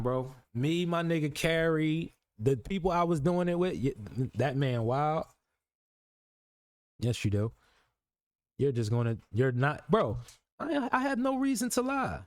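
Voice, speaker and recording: Animated teasing streamer man, dry close sound. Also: mid-range voice, no echo. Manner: animated, teasing, swears a lot, mocking quoted voices. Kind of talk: casual livestream banter.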